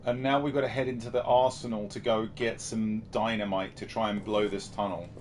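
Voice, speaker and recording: A man's voice: lowish voice, little pitch movement, a little fast, slight background noise. A man from the United Kingdom chatting casually while streaming a horror game and reading viewer messages. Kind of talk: casual livestream commentary.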